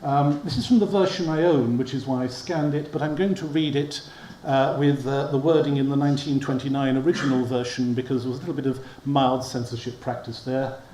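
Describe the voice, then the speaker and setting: A man's voice: medium pitch, fairly even intonation, a little fast, hardly any pauses, dark tone. Wry male lecturer in an echoey hall. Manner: wry, chuckles at his own asides. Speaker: history lecturer. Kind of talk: public lecture. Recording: echoey hall with faint hum.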